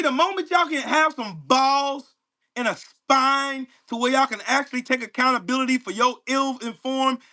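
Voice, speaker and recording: A man's voice: very high voice, sharp tone. Angry profane man ranting at live chat. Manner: profane, mocking, confrontational. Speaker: livestream host.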